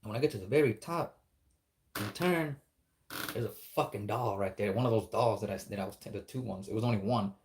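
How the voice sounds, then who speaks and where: A man's voice: lowish voice, a little fast, a little mellow, a little hiss or hum. A man telling a spooky story in a casual, rambling, profane way, acting out the dialogue as he goes.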